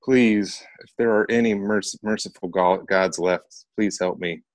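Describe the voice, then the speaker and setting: A man voicing a terrified young woman who pleads for her family, his low voice pushed higher and strained. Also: steady tone, measured pace, no room sound. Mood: pleading.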